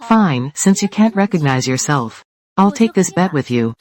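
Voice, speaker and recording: Very animated yet close to an everyday voice, this mid-range dub artist takes on several corporate rivals in a drama, speaking at a moderate pace with a slightly mellow tone. The short, confrontational lines are threats over who will control a company.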